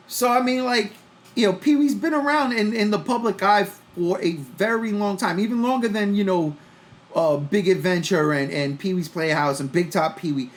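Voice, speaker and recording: A man in his forties hosting a casual pop-culture podcast, telling stories in a loose, profane, animated way. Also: sits high, fairly quick. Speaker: podcast host.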